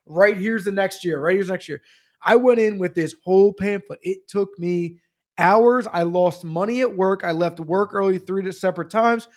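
Brief: young male podcast host with a high voice, profane animated ranter. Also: normal speed. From Pennsylvania. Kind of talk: casual comedic storytelling.

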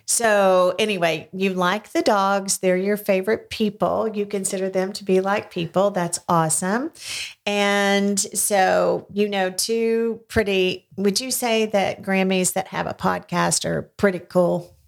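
In a home studio, a podcast host conducts a casual family interview, sounding like a grandmother gently drawing out answers. Her mid-range voice is creaky and fairly even in intonation, and she speaks at a measured pace. She coaxes her subject along with leading questions.

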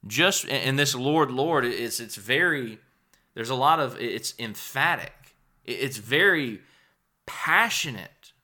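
Earnest male preacher, measured and bright. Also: medium pitch, animated. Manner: emphatic, rises and falls in volume for stress; earnest, conversational asides. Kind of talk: sermon.

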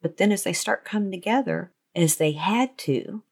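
A woman's voice: mid-range voice, lively intonation, moderate pace, slightly rough. A woman author on a podcast, speaking in thoughtful, earnest commentary.

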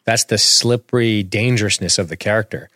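Low-voiced man in casual podcast chat. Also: fairly quick, pushed and bright, no room sound, clean studio sound. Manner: candid, quotes dialogue, swears casually. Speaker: podcast co-host. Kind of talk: casual TV episode discussion.

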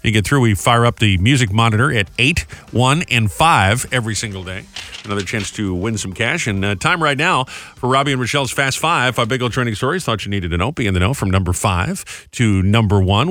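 A man's voice: on the low side, a bit bright. A man hosting a morning radio show, chatting upbeat and jokey with his co-host.

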